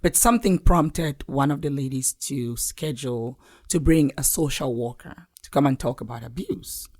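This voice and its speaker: A woman's voice: a bass voice, normal speed, darkish tone. A woman from Cameroon with a Cameroonian accent, talking earnestly as a podcast guest in a casual interview.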